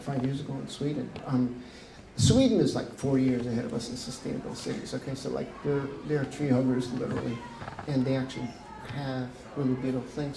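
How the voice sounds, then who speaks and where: An older man, an urban planner, telling animated stories at a conference. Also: medium pitch, creaky. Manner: animated, chatty storyteller. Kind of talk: storytelling presentation. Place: conference room. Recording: echoey room with faint noise.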